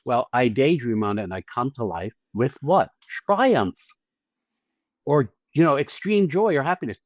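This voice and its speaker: A man's voice: medium pitch, lively intonation, unhurried, darkish tone, no room sound. A man hosting a podcast as an acting teacher, talking casually and animatedly, swearing freely and acting out little scenes with quoted lines.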